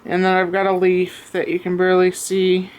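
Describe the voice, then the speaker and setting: A woman showing off a craft piece she made, talking out of breath, with many pauses and ums, recorded on a camera on a tripod at home. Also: on the low side, completely flat delivery. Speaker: crafter showing her work. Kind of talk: casual show-and-tell.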